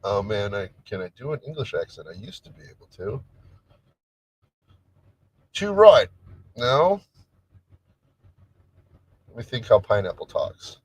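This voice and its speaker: A man's voice: lowish voice, expressive, fairly quick, few pauses, darkish tone, husky, low-quality recording. A man hosting a casual solo livestream, chatting in a rambling way with lots of restarts and trailing thoughts. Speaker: livestream host. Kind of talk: casual solo stream chat.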